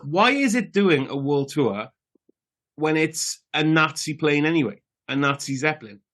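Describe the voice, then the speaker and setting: A man co-hosting a film podcast, questioning plot holes with incredulity. His voice sits fairly high and swings animatedly up and down. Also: expressive, normal speed, fairly bright tone. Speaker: podcast co-host. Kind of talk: casual film review chat.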